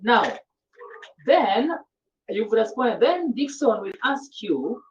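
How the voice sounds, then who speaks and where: Slow, repetitive woman teacher. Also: fairly high pitch, expressive. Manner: slow, repetitive, checks understanding often. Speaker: French teacher. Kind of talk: classroom language lesson. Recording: dull lo-fi recording.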